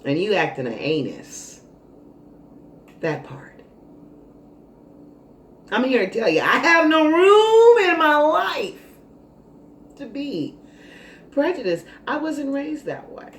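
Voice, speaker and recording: A woman vlogger telling a story in a casual monologue, animated, dramatic and sassy. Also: high-pitched, slow pace, long pauses. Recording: roomy echo, faint noise.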